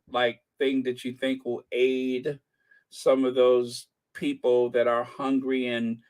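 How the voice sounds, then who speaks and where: An older man hosting a casual livestream, rambling with jokey asides. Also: medium pitch. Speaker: channel host.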